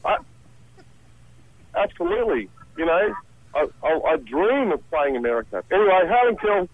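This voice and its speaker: A man's voice: sits high, wildly swooping pitch, normal speed, breathy edge, no room sound, narrow, tinny audio. A rowdy man with an Australian accent, calling into a radio talk show by phone. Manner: boisterous, rowdy, swearing. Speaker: caller. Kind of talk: excited phone-in chat.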